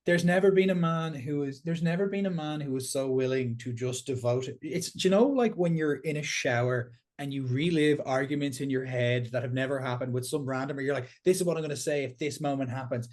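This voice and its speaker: An Irish man talking in a casual podcast chat, ranting in an animated, sweary way and laughing as he goes. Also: on the high side, a little fast.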